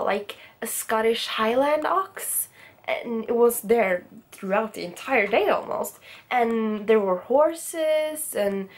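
Young woman, 20s, student vlogger. Upbeat, slightly high voice, unhurried delivery, handheld camera outdoors. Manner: chatty, enthusiastic, laughs often. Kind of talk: casual vlog chat. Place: outdoors in the countryside.

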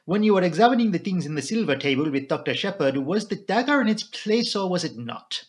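A man's voice: high-pitched, big pitch swings, brisk, pitched above the performer's own voice. A man voicing a fussy older male Belgian detective, formal and elaborately polite. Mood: probing.

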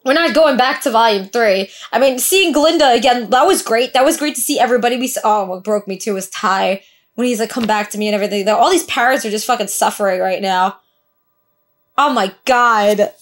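A woman's voice: a little high, fairly quick. A young woman hosting a show reaction, exclaiming, swearing and crying out as she watches, then talking through her thoughts. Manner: exclaims and swears, cries out in distress. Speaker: reaction host. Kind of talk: emotional reaction commentary.

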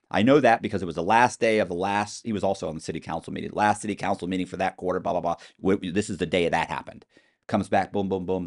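A middle-aged man telling animated stories as a podcast guest, acting out quoted voices with some swearing. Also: low-pitched. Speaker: interview guest. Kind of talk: storytelling in a podcast interview.

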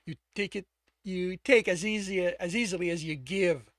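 A man's voice: sits high, normal speed, a bit bright, dry recording. A man voicing a tormented young man, desperate and possessive, who pleads and growls. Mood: anguished. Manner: pleading, anguished.

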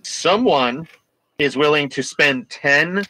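Bright-voiced man weighing tactics. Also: medium pitch, low-quality recording. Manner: lays out plans in long deliberate questions. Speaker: player. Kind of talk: casual tabletop game chat.

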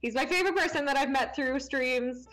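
A woman's voice: sits high, a little fast, fairly bright tone, faint music behind. A woman co-hosting a stream award show, upbeat and gushing about friends. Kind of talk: casual livestream chat.

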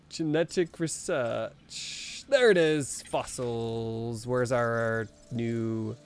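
Chatty young man streaming a game. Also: fairly high pitch. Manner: chatty, reads game text aloud and talks to chat. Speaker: gaming streamer. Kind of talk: live let's play commentary.

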